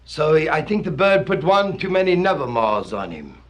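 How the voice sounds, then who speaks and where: A male comedian giving a theatrical comic recitation in hipster slang, swinging between booming shouts and low murmurs. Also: big pitch swings, moderate pace.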